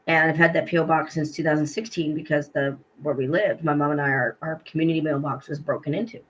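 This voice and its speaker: A woman's voice: low voice, fairly even intonation, fast talker, rough recording. A middle-aged woman vlogger telling a personal story in a rambling, indignant way, with many ums and restarts.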